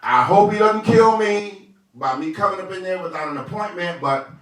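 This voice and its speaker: A determined young queen speaks in a resolute, measured way, as a man puts her on. Heavy echo fills the room, and the mic sits far off. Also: high-pitched, lively intonation. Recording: echoey room from a distant mic.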